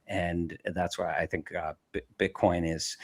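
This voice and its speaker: A man on a live panel answering a viewer question in a halting way, with many filler pauses. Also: low voice, little pitch movement. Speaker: panel guest.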